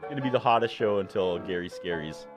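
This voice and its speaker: A man's voice: low-pitched, lively intonation, fast, over music. A man who is an author and a regular on a podcast, joking dryly and self-deprecatingly in casual chat.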